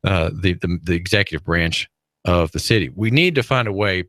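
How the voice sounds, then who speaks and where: A man's voice: low-pitched, animated, moderate pace, a bit bright, no echo. A man hosting a talk radio show, rambling through a monologue with many fillers, restarts and wry chuckles. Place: radio studio.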